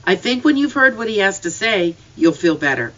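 A tender, patient rural mother, voiced by the storyteller, speaking softly to soothe her son. The tone is bright and clear. The recording sounds slightly distant and muffled. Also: mid-range voice, sing-song, a little fast. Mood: gentle. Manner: soft, comforting.

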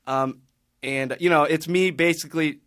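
A man's voice: on the high side, fairly even intonation, moderate pace, a bit bright, dry recording, clean studio sound. A man on a podcast panel telling a long story in casual chat, rambling with many restarts and fillers.

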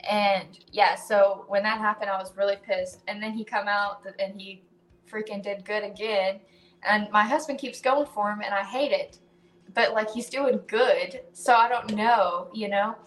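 A woman's voice: medium pitch, moderate pace. A woman co-hosting a casual chat, telling stories with lots of laughter and swearing. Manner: animated storytelling, laughing often, swearing. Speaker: co-host.

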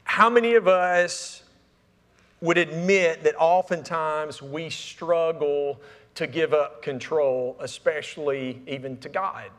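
A man's voice: a little high, takes it slowly, a bit bright. Man preaching in a reverberant church. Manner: conversational, repeats words, asks the congregation questions. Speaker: pastor. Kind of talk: sermon. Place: church sanctuary. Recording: long reverb of a church hall.

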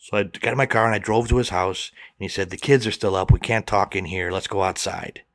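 A man's voice: low voice, steady tone, brisk, dry recording, clean studio sound. A man telling a personal story in conversation, acting out both sides of the dialogue.

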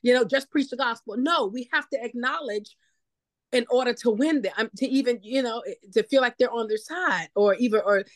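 A woman's voice: on the high side, moderate pace, no echo. A woman pastor sharing her view in a class, talking it through conversationally with many fillers. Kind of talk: discussion contribution.

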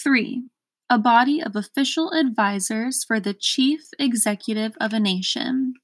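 A fussy male duke from a storybook, put on by a woman reader, reciting definitions point by point. His slow, measured delivery sounds like a dictionary entry. The recording is close and dry. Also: on the high side, no echo.

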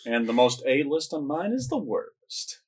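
A man co-hosting a casual film podcast, chiming in with quick agreements and opinions. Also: a little high, big pitch swings, slightly rough. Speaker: podcast co-host. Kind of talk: casual film review chat.

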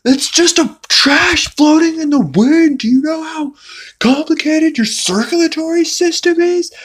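A man putting on a high, lofty voice for a god while retelling a cartoon. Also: measured pace, a bit bright.

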